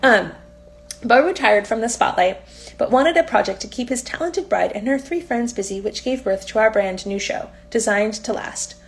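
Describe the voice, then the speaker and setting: A woman's voice: a little high, normal speed. A woman reading aloud from her own novel in a casual, unpolished audiobook style, now and then stumbling and correcting herself.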